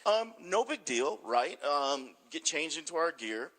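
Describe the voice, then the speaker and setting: A man casually telling animated backstage stories, swearing and laughing as he goes. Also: on the high side, a little slow. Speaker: pro wrestler telling stories. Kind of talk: casual storytelling.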